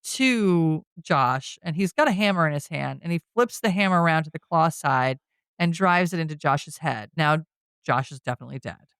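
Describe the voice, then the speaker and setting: A woman's voice: low-pitched, lively intonation, normal speed, a bit bright, clean tone, no echo. A woman hosting a podcast, casually retelling a horror film scene by scene, with chatty storytelling. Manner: chatty storytelling, with frequent "you know" and "like". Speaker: podcast host. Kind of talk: casual movie recap.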